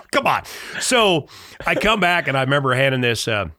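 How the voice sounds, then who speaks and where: A man's voice: mid-range voice, background noise. A middle-aged man from Chicago telling a long story in casual conversation, acting out the voices of people he quotes. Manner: animated, acts out quoted dialogue. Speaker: guest.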